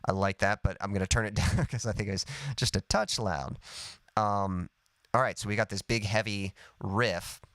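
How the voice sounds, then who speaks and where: A man's voice: lowish voice, moderate pace, fairly bright tone, faint music behind. A man teaching songwriting in a live lesson, explaining step by step in an easygoing way with lots of "sort of" and "kind of.". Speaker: songwriting coach.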